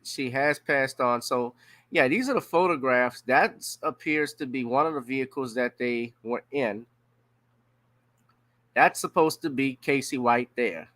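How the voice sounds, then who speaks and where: A man's voice: mid-range voice, fairly bright tone, no room sound. Blunt profane man from Louisiana. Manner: blunt, profane, drawn-out emphasis. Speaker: news commentator. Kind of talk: casual news reaction commentary.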